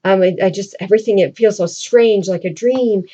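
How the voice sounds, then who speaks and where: A woman's voice: mid-range voice, brisk, dark tone, lo-fi sound, natural voice. A woman doing a stammering lovesick swordsman-poet. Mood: earnest. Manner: stammering, breathless, emotional. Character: eloquent, flustered French swordsman-poet man.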